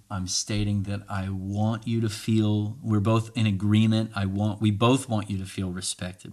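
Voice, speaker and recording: A man's voice: on the low side, darkish tone. A man hosting a podcast in a casual, earnest, coaching way, repeating phrases for listeners to say along. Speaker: podcast host. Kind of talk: casual podcast talk on communication.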